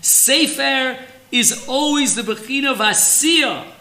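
A man gives a Torah lesson at an unhurried, measured pace. His voice sits fairly high and has a very bright, sharp edge. He draws out his explanations deliberately, like a teacher guiding students. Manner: slow, deliberate teaching, mixing Hebrew terms.

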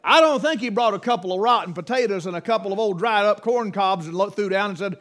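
A man's voice: sits high, quick pace, few pauses, a bit bright. A man preaching a sermon, telling folksy rural stories in dialect.

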